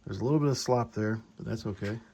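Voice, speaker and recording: A young man thinking aloud and getting excited as he works in a home workshop, filming a casual maker vlog. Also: on the low side, fast, breathy edge. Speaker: maker vlogger.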